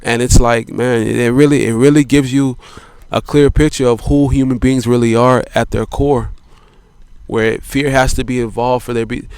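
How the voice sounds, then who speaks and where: Smooth-voiced man ranting, dry close sound. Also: medium pitch, fairly even intonation, normal speed, darkish tone, dry recording. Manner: profane, repetitive, peppered with "you know" and "man". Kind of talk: rambling philosophical monologue.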